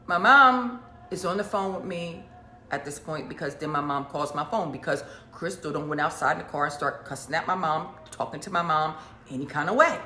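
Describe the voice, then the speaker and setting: A woman preacher telling a personal story in an emphatic, animated way, repeating phrases for effect. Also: low voice, brisk, reverberant, slight background noise. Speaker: prophetess and preacher. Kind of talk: casual storytelling monologue.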